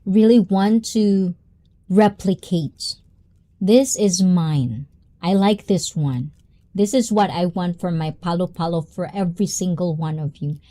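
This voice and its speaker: Young woman, bubbly livestream chatter, mellow voice, giggly. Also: on the low side, a little slow. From Japan and the Philippines. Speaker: livestream host. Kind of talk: casual livestream chat.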